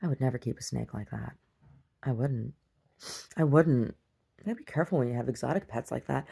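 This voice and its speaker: A woman vlogger casually retelling a dream in a rambling, animated way, full of restarts. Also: a bass voice, brisk, gravelly, breathy edge. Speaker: video diary vlogger. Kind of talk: casual storytelling to camera.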